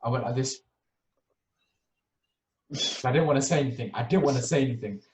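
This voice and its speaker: A man's voice: medium pitch, fairly quick. A young man telling a story casually on a podcast, acting out the scenes and tagging his lines with "yeah?". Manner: animated, acts out scenes, tags lines with "yeah?". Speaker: podcast co-host. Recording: roomy sound, mic at a distance.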